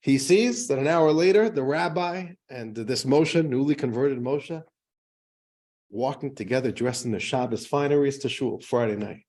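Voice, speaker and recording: Speaking at a moderate pace with medium pitch, this man is a rabbi who opens his class with a lively, chatty joke and then explains a lesson.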